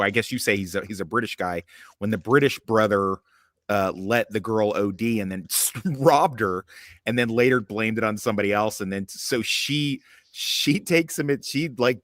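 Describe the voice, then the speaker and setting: A man's voice: fairly low pitch, fairly bright tone, no echo, studio quality. An American man, a chat-show guest, telling stories in a laid-back, informal way with casual swearing. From United States.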